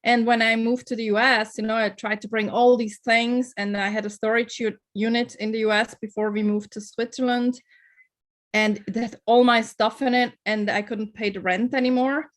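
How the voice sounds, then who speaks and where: A woman's voice: on the high side, little pitch movement, moderate pace. A woman chatting on a casual group video call, laughing at herself as she tells stories. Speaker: call participant.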